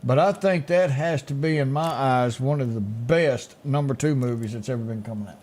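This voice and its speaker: A man's voice: medium pitch, moderate pace, darkish tone. A man co-hosting a casual talk show, agreeable and easygoing. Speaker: co-host. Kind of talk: casual radio chat.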